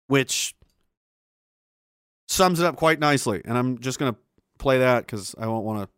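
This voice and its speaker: A man's voice: medium pitch, unhurried, long pauses, fairly bright tone, smooth, no echo, studio quality. A man from Canada hosting a livestream, reading chat messages aloud in a profane, rambling and emphatic way. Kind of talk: casual livestream rant.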